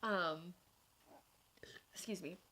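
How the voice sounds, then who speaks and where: Young adult woman, candid personal storyteller, animated, acts out the voices she quotes. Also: fairly low pitch, very slow. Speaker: vlogger.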